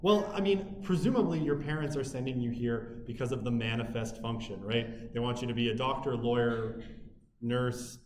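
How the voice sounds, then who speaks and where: A man's voice: mid-range voice, normal speed, a little mellow, slight background noise. Man lecturing casually in echoey room. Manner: conversational, frequent "right?" and "you know" tags. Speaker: university lecturer. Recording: echoey room with faint ambience.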